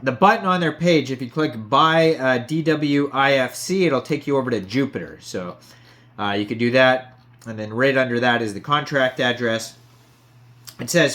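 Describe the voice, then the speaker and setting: A man's voice: medium pitch, normal speed, fairly bright tone. A man hosting a crypto video, casually walking through web pages and reading out figures with frequent "uh" fillers. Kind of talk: casual screen walkthrough narration.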